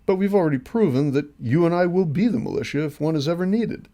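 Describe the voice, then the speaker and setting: A man's voice: on the high side, lively intonation, fast talker, warm tone. A man hosting his own show, reading scripted commentary in an earnest, emphatic way with rhetorical questions. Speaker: host.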